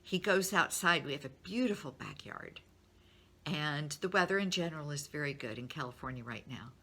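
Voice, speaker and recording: A woman's voice: low voice, lively intonation, moderate pace, sharp tone. A middle-aged woman speaking to her business network in a candid, encouraging way, openly sharing her feelings. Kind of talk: personal talk to a business network.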